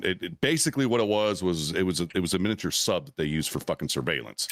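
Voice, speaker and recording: Man, low voice, animated pitch, dry close sound, veteran podcast storytelling, profane, rambling. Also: brisk, hardly any pauses, no room sound. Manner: profane, rambling anecdote with frequent restarts. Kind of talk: casual storytelling chat.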